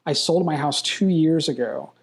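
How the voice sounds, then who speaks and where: A man talking as a filmmaker guest in a casual interview, enthusiastic and rambling, from a hotel room. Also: on the high side. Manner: enthusiastic, rambling, quick bursts.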